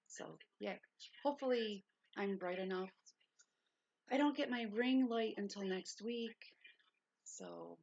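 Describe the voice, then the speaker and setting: Woman, livestream host, casual chat, gravelly, husky, talks low and soft, dull lo-fi audio. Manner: talking low and softly, unhurried and rambling. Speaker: host of her own livestream channel. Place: indoors at her mother's home.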